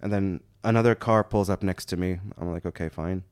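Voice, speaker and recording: A man's voice: low voice, fairly even intonation, fairly quick, a little mellow, smooth, no room sound, studio quality. A young man from Canada casually telling a story on a podcast, laughing as he acts out the other people's lines.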